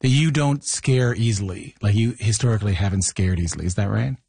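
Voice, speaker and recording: A man interviewing a guest, asking questions with quick stammering restarts. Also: fairly low pitch, creaky, warm tone, breathy edge, no echo. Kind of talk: interview host.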